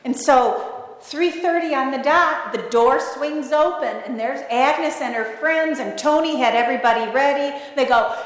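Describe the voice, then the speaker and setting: A woman preaching, telling a story in an expressive, dramatic way in a large echoey hall. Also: high voice, measured pace. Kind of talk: storytelling sermon.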